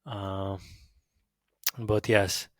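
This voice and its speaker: A man from Latvia with a Latvian accent, hosting a podcast in a halting, self-mocking casual monologue full of fillers. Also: lowish voice, level tone, no room sound. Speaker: podcast host.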